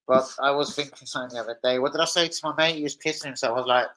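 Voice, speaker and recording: A crude, joking man hosts a casual live stream for fellow fans. His voice is bright and forceful, and his pitch sits in an ordinary middle range for a man. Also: rapid-fire, low-quality recording. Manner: crude, rowdy, joking with chat. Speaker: fan channel host. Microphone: streaming setup.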